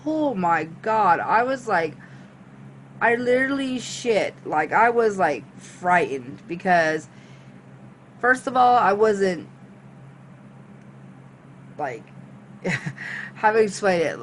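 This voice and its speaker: A woman vlogger telling a wild personal story to camera at a mid pitch. She is animated and swears freely, and she acts out her own panicked reactions as she talks. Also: takes it slowly, pauses often, slight background noise. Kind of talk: storytime monologue.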